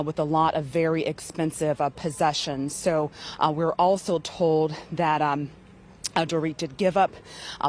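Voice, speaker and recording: Female field reporter, deep voice, live stand-up, hesitant delivery with fillers. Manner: halting, many fillers. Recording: faint background noise.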